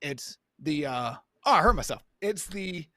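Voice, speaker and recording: A man's voice: a little high, a little slow, no echo, studio quality. A man co-hosting a casual podcast, telling a story with lots of laughter and acted-out quotes. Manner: animated, laughing, acts out quoted voices. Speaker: podcast co-host.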